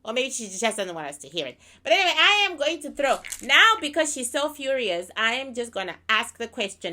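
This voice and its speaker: Brief: woman, bright and slightly high, blunt and irreverent, casual reading monologue with laughing asides. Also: sing-song, brisk, hardly any pauses, slight background noise. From Canada. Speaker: psychic reader.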